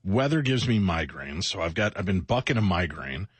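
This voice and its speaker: A middle-aged man with a husky voice and a dry, close studio sound co-hosts a late-night radio show. He sounds worn out and short on sleep, rambling and reflecting with self-mocking asides. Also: sits low, very animated, moderate pace, no room sound. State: exhausted, sleepless. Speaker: radio co-host.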